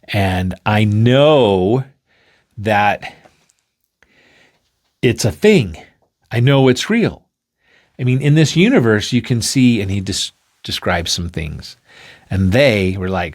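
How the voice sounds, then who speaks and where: A man hosting a talk, explaining an idea through an animated story and acting out the characters in quick bursts. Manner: excitable, acts out characters with sudden pitch jumps. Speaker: podcast host.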